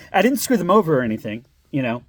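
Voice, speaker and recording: A man's voice: on the high side, sing-song, moderate pace, dry recording. A middle-aged man telling a personal story in a rambling, casual way, swearing and laughing as he goes. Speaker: vlogger.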